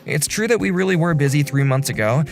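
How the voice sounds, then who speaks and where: A man voicing a calm, considerate section chief who narrates and talks in a reassuring, apologetic way. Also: on the high side, quick pace, vocal fry, soft background music. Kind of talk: first-person story narration in a dubbed animation.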